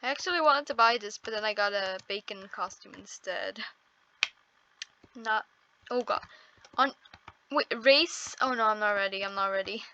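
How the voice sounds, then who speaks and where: A woman's voice: mid-range voice, normal speed, pauses often, pushed and bright, highs cut off, slight background noise. A woman giving casual gameplay commentary on her first video, nervous and apologetic, exclaiming often. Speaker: first-time gaming video creator.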